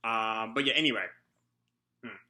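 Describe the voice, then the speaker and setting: A man's voice: medium pitch, normal speed, pushed and bright, a little hiss or hum. A man hosting a casual live reaction, out of breath and rambling through a hesitant recap. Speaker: manga reaction host.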